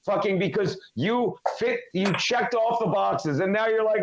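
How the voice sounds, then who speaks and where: A man with a high voice, talking in a profane, mocking and sarcastic way. He sounds dull and lo-fi, in an echoey room. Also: measured pace, hardly any pauses. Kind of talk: casual chat.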